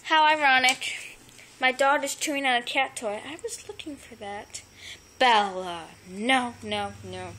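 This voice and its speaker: A woman's voice: a little high, a little slow, pushed and bright, slight background noise, low-quality recording. A young woman filming her pets for a casual vlog, playful and giggly, talking to them in silly sound effects on a phone camera at home. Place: home indoors.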